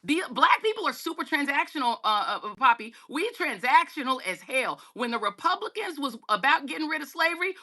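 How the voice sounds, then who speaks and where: A woman's voice: very animated, a little fast, few pauses, pushed and bright. A middle-aged woman, a guest journalist, talking politics in an emphatic, conversational way and calling listeners y'all. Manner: emphatic, swings pitch widely, talks to listeners as y'all.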